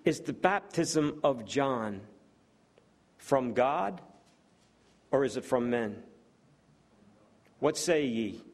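A man preaches to a congregation in a voice of ordinary pitch. He reads scripture passages aloud between his own remarks. He often puts rhetorical questions to his listeners. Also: expressive, drawn-out words, long pauses. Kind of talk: sermon.

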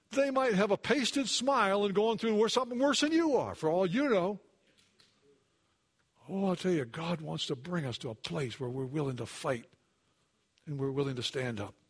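A male pastor preaching with a notably high voice. He talks earnestly and conversationally, sinking to a hush for emphasis and climbing higher when he voices a worried believer. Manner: earnest, voice drops low for emphasis, rises when acting out doubts; occasional restarts, conversational asides. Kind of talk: sermon.

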